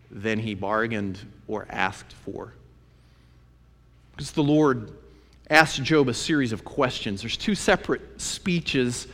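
A man teaching a sermon on a Bible book, emphatic and conversational, repeating phrases for effect as he retells the story. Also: mid-range voice. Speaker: preacher. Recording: long reverb of a large hall.

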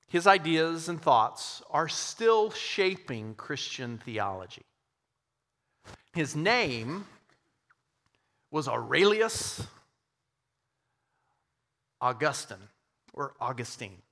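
A man telling a church history story as part of a sermon, with slow, dramatic pauses. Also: on the high side, sharp tone, in a large hall.

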